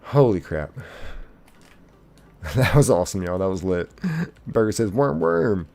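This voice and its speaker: A man streaming a game live, casually reading his chat's messages aloud in a playful, excitable way. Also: low voice. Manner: reads chat messages aloud in quick succession, playful and excitable; casual, uses "y'all". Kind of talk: live gaming stream chat.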